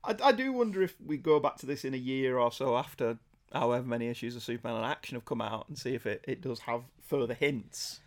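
A man co-hosting a comic book podcast, talking in a wry, animated way with quick jokes and asides. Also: mid-range voice. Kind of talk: casual review chat.

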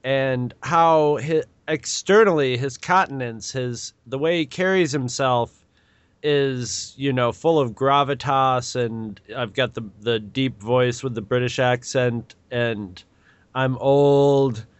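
A man with a smooth, resonant voice co-hosting a casual podcast. He rambles and restarts his sentences, recorded close and dry. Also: mid-range voice, slow pace, no echo. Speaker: podcast co-host. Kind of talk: casual chat.

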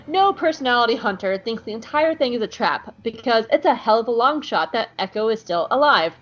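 Woman host, casual recap chat, playful and animated, lightly high-pitched, dull lo-fi audio, faint music. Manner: animated, playful, swears freely. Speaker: podcast host recapping an episode.

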